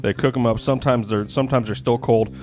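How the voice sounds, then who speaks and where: A man spins long, meandering stories in a relaxed podcast chat, cursing freely. His voice sits at an ordinary middle pitch, and faint music plays underneath. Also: fast. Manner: rambling storyteller, swears freely. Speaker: podcast co-host. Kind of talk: casual chat.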